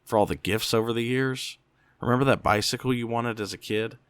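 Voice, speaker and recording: A man voicing a small male demon who talks in a warm, soothing, smug and oddly fatherly way. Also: mid-range voice, fairly even intonation, fairly quick, clean tone, no room sound, voice pushed up, natural voice.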